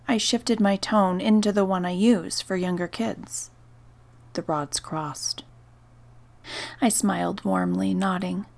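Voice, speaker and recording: Slow, soft-spoken woman narrating a story. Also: medium pitch, vocal fry. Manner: slow, soft, partly whispered. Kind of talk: first-person story narration.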